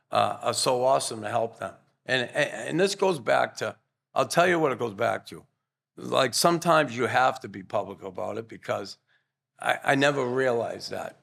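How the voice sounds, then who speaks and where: Older male guest, gravelly voice, earnest, rambling anecdotes with restarts. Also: mid-range voice, a bit bright. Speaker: guest, former pro hockey player. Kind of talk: casual interview storytelling.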